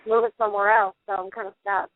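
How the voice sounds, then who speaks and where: A middle-aged woman, a paranormal investigator, telling long animated stories as a guest in a radio interview. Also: mid-range voice, fairly quick, no echo. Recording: tinny dry phone line.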